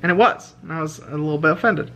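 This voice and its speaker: A man's voice: quick pace, sharp tone, slight background noise. Chatty young man telling a story. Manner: chatty, laughing, quoting others in high voices. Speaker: vlogger, teacher. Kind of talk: casual storytelling from bed. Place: bedroom at night. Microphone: handheld camera held overhead.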